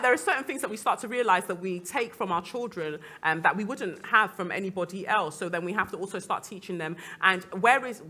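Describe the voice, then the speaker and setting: A woman's voice: medium pitch, sharp tone. A young adult woman, a guest speaker on a panel, talking earnestly and reflectively, with laughs between her points. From Nigerian descent. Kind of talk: panel talk.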